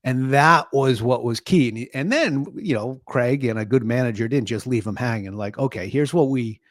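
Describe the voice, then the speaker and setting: A man co-hosting a podcast, calmly explaining ideas in casual chat with fillers. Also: medium pitch, normal speed, no echo, studio quality. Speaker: podcast co-host, sales consultant.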